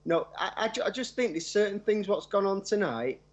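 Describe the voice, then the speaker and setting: A man's voice: high-pitched, expressive, brisk. A man with a Manchester accent calling in to a sports phone-in, arguing insistently with lots of stammered restarts. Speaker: phone-in caller, City fan. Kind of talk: heated sports phone-in argument.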